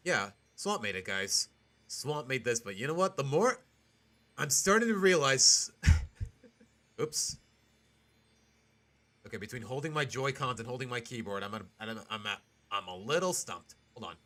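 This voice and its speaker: This man's mid-range voice is unhurried and full of pauses as he streams a game live. He jokes and chats animatedly with his viewers throughout the commentary, and game music plays in the background.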